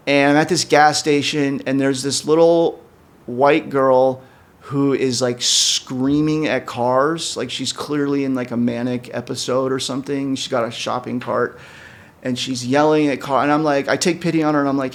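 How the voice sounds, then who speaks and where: A man co-hosting a podcast, telling a long story in casual, profane chat with many fillers. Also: moderate pace. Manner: animated, jumps up in pitch when quoting people. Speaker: podcast co-host.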